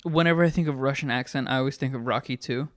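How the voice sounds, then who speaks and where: A man's voice: mid-range voice, quick pace, fairly bright tone, dry recording, studio quality. A man co-hosting a podcast in casual chat, rambling and often restarting his sentences. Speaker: podcast co-host.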